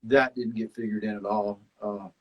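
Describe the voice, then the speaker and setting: A former survival show contestant with a Southern accent talks back over his experience, his voice fairly low and at normal speed on a rough recording. The chat is casual and reflective, loose and relaxed, with frequent fillers.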